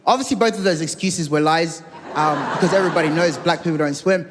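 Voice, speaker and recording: High-voiced stand-up comedian in a live hall. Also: male voice, quick pace, background noise. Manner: punchy storytelling, acting out dialogue. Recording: live hall reverb with crowd.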